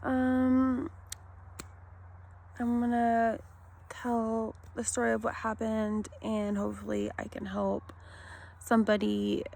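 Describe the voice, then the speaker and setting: A woman in her thirties telling her own health story, halting and emotional, with many pauses and ums. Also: a little high, completely flat delivery, creaky, a little mellow. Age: 30s. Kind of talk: personal storytelling to camera.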